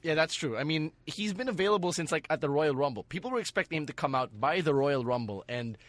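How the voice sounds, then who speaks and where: A man's voice: fairly high pitch, animated, quick pace, dry recording. A man co-hosting a casual wrestling podcast, blunt and free with swear words. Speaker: podcast co-host.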